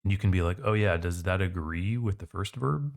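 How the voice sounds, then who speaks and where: Low-voiced man explaining test questions. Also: fairly quick, gravelly. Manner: casual, conversational explaining. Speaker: SAT tutor. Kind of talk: test prep walkthrough.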